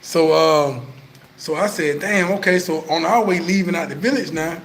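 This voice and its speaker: A man's voice: fairly high pitch, moderate pace, a little hiss or hum, rough recording. Man telling a profane laid-back story. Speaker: vlogger. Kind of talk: casual storytelling to viewers.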